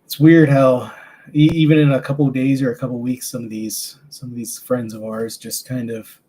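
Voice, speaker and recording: A man talking in a casual chat, easygoing and a little hesitant, pausing and restarting as he thinks aloud. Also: medium pitch, little pitch movement, dark tone, slightly rough. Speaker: band member.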